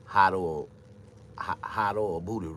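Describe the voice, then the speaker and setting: A man's voice: sits low, takes it slowly, a little hiss or hum. A man vlogging to his viewers in a loose, crude comedic rant, drawling, repeating himself and thinking aloud. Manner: loud, crude, animated rambling with sudden shouts.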